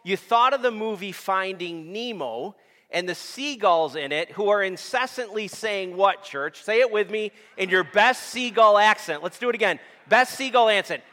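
An expressive male pastor with a high, bright, forceful voice speaks at normal speed. In the long reverb of a church sanctuary, he leads his congregation through call-and-response questions, waiting each time for their answers.

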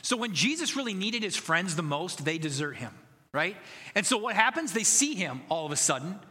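A man's voice: high voice, big pitch swings, normal speed, pushed and bright, in a large hall. A man preaching a sermon as pastor, earnest and conversational, building to emphatic passages.

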